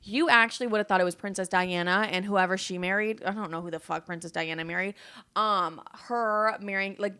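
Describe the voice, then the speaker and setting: A young woman vlogging from her apartment, telling stories in a chatty, profane, animated way with plenty of fillers. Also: medium pitch, brisk, clear, resonant tone. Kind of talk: casual storytime chat.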